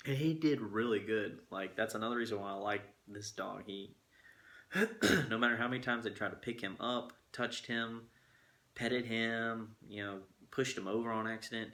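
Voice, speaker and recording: Dad rambling on camera, lowish voice but bright, laid-back. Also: male voice. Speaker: vlogger. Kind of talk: casual chat to camera. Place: living room at home.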